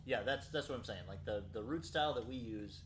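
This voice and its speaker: A man co-hosting a casual car podcast, chatty and quick to chime in with figures. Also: medium pitch, echoey room, noisy background. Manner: chatty, quick to agree and add numbers. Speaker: podcast co-host. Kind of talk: casual shop-talk podcast.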